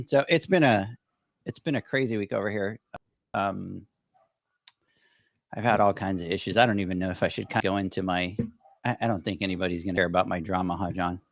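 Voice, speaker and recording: A man's voice: sits low, fairly quick, gravelly, pauses often, no room sound, studio quality. A middle-aged man co-hosting a podcast, telling a rambling, self-deprecating story with many restarts. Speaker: podcast co-host. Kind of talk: casual storytelling chat.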